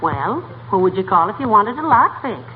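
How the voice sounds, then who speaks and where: An actress playing a patient, sensible wife with a dry, teasing manner, in 1940s radio comedy acting. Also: female voice, medium pitch, very animated, moderate pace, natural voice. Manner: dry, teasing, calls him dearie. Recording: tinny hissy old broadcast, audience laughter.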